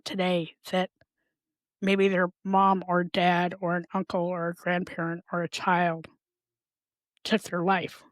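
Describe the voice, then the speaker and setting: A woman's voice: mid-range voice, no room sound. Supportive woman hosting a podcast. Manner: supportive, conversational. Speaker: podcast host. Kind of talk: podcast interview.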